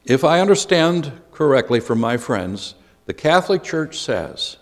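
An earnest man teaches a Bible study, his pitch rising and falling with lively emphasis as he repeats key phrases. His voice carries a long reverb from a large hall. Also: measured pace.

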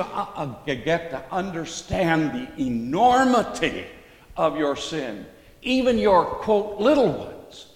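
A man preaching an expository sermon, teaching slowly and deliberately and stressing key words. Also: on the high side. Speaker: pastor. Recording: echoey hall with long reverb.

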